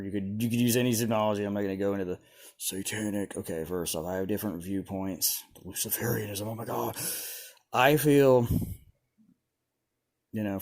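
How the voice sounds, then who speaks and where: Low-voiced man rambling on a vlog. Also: darkish tone. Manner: rambling, chuckles often, conspiratorial asides. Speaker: video creator. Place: indoors at home. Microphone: camera on a stand.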